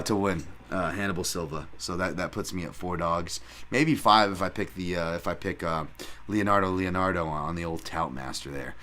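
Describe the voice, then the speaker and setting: A man's voice: deep voice, moderate pace, pushed and bright. A man hosting a podcast, casually breaking down fight picks with rambling, self-interrupting, profane talk. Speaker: podcast host. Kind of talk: casual MMA betting breakdown.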